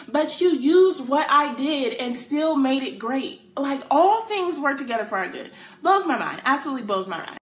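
A young adult woman sharing a personal faith testimony with excited emphasis and casual slang. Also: high voice. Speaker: testimony speaker. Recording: echoey room.

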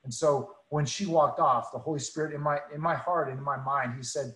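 A man's voice: a little high, fairly quick, a bit bright, reverberant, rough recording. A man telling a personal faith story in an earnest, conversational way, often restarting and repeating words. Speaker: guest speaker.

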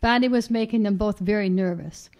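A woman author reading her own short story aloud in a measured, even way at a reading event. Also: medium pitch. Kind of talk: literary reading. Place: reading event at a writers' house.

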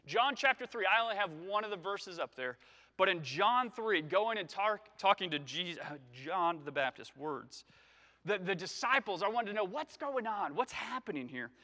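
Animated preacher man in a reverberant church. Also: sits high, normal speed. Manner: animated, conversational, jokes with congregation. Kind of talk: sermon. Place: church sanctuary.

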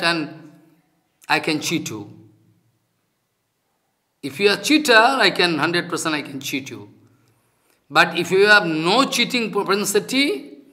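High, bright-voiced man. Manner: emphatic, repetitive, acts out quoted dialogue. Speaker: spiritual teacher. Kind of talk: devotional sermon.

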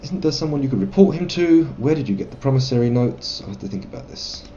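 A man's voice: medium pitch, lively intonation, quick pace, dark tone, dull audio, a little hiss or hum. A man streaming a game live, musing and rambling about his choices and reading dialogue options aloud with some self-mockery. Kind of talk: live let's play commentary.

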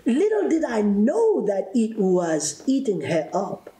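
A man's voice: high voice, huge pitch swings, mellow. A middle-aged man from South Africa with a South African accent, earnestly sharing a personal testimony in an interview. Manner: slow, reflective and earnest, with fervent rises. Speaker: gospel singer and bishop being interviewed.

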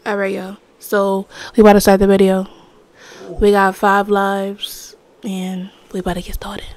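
A woman's voice: medium pitch, completely flat delivery, unhurried, a little mellow. A woman hosting a reaction video in casual, slangy chat, laughing easily. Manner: playful, laughs often, slangy. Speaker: YouTube host.

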